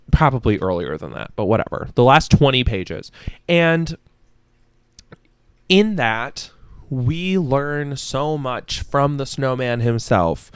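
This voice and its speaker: Sassy, animated man podcast host. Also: mid-range voice, clear, resonant tone, dry recording. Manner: profane, sassy and animated, laughing often; rambling with many fillers. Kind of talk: casual book review chat.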